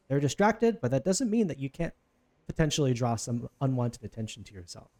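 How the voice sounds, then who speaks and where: A man's voice: medium pitch, sing-song, normal speed, warm tone. A man running a tabletop game as game master, narrating in a casual, rambling way.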